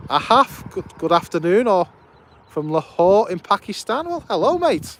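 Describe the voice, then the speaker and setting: This livestream host, a man broadcasting from outside at an airport, keeps up a chatty, enthusiastic stream of commentary and calls out viewers by name. His high voice is very animated at a normal speed, with a little hiss or hum in the audio.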